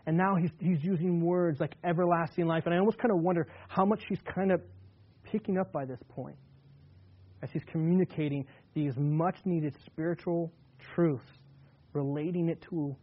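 A male pastor preaching a sermon in a relaxed, conversational way, slowing down to read scripture aloud with emphasis. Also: on the high side, dull audio.

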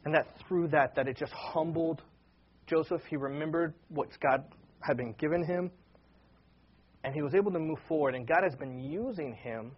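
A man's voice: on the high side, breathy edge, lo-fi sound. A man preaching a casual sermon to his congregation, talking conversationally with frequent asides. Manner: conversational, with many fillers and asides. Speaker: pastor.

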